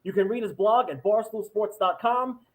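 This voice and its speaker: A man's voice: sits high, moderate pace, rough recording. A man from Long Island with a Long Island accent, hosting a podcast and eagerly hyping up his guest. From Long Island, New York. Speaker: podcast host. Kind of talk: interview host, read-out intro.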